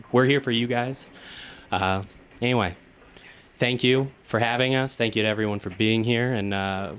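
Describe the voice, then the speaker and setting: A man with a smooth, somewhat low voice gives a relaxed thank-you speech at a community event. He talks informally and often quotes the people he mentions. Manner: casual, grateful, quotes others.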